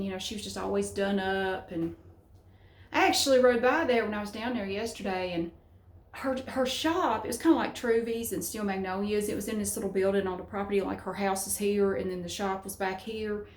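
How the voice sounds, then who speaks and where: A middle-aged woman with a Southern US accent talks casually to her vlog audience at home, in a voice of middling pitch. She rambles, speaks frankly and swears without a second thought. The room gives her voice a noticeably roomy echo. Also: a little fast. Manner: rambling, frank, salty language. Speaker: vlogger. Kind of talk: casual chat to camera.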